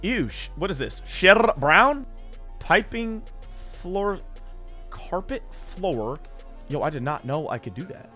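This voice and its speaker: A young man giving excited gameplay commentary as a gaming creator, blurting loud exclamations. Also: high-pitched, slow pace. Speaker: gaming YouTuber. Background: game music.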